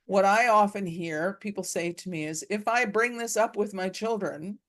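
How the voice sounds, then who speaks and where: A woman hosting a panel discussion, friendly and measured, asking long questions. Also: medium pitch. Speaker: host.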